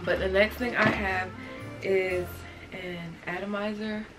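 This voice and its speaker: A woman's voice: medium pitch, steady tone, takes it slowly, loud music behind the voice. A young woman showing what's in her bag to her viewers, chatty and casual, calling them y'all. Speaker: beauty vlogger. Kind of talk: casual show-and-tell vlog.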